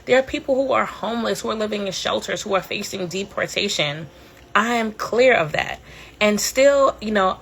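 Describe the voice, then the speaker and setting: A woman in her thirties talking candidly and casually to a live audience, rambling with plenty of fillers and swearing. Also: mid-range voice. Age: 30s. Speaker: podcast host. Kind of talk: casual storytelling on a live stream.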